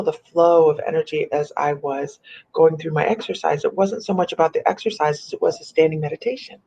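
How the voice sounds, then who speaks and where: A woman hosting a casual live-stream chat as a psychic medium, chatty and animated, laughing often. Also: deep voice, brisk, husky. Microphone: computer or phone on a live video stream. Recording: muffled lo-fi stream audio.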